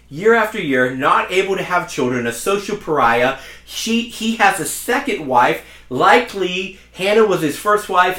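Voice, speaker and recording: Young male pastor, earnest conversational sermon, slightly high voice, roomy reverb. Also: fairly bright tone. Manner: earnest, conversational preaching with personal stories. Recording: echoey room.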